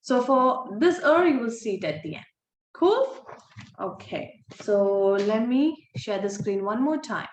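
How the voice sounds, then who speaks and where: Slow-talking woman teaching phonics. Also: on the high side, lively intonation, roomy sound. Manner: drawn-out sounding of words, apologetic asides. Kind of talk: recorded online phonics lesson. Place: holiday home by the sea, waves audible.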